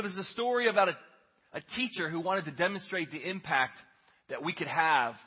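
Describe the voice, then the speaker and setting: Husky-voiced pastor preaching in an echoey hall. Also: male voice, sits high. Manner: conversational, earnest, swings between hushed and emphatic. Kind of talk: Sunday sermon with storytelling. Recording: echoey hall, dull lo-fi sound.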